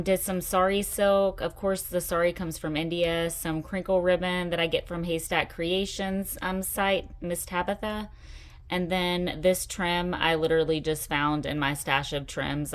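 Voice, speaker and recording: A woman's voice: on the low side, little pitch movement, normal speed. Chatty, enthusiastic middle-aged woman vlogger. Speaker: craft channel host. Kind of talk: casual show-and-tell vlog.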